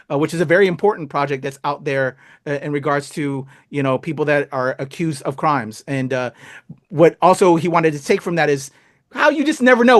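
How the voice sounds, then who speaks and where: A man hosting a casual movie review chat, talking hesitantly with many fillers and restarts. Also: on the high side. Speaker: host of a movie review show.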